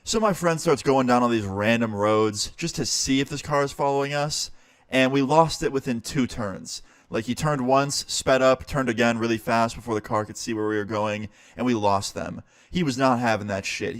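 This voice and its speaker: A man's voice: mid-range voice, moderate pace, no echo, clean studio sound. A young man, a streamer, casually telling a story and swearing now and then. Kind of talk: storytime narration.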